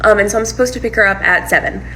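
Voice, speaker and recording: A woman retells a personal story in a loose, casual monologue. She is animated and fills her talk with "like" and "um". Her voice sits mid-range, with a faint hum of ambience behind her. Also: mid-range voice, rapid-fire, poor audio. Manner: animated retelling, heavy use of "like" and "um". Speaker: storyteller recounting her breakup.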